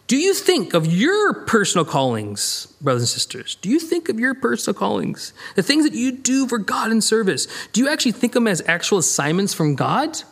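A man leads a Bible study in a relaxed, conversational sermon style. His voice is pitched a touch high and swings widely up and down as he explains each verse. He reads scripture aloud and gives the quoted speakers their own lines. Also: a little fast, hardly any pauses, breathy edge. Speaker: minister teaching a Bible study.

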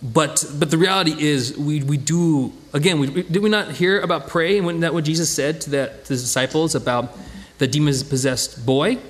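A man leading an informal Bible study, talking conversationally with lively acted-out asides and frequent restarts. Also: a little high, moderate pace. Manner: conversational, animated, acts out quoted voices, many restarts.

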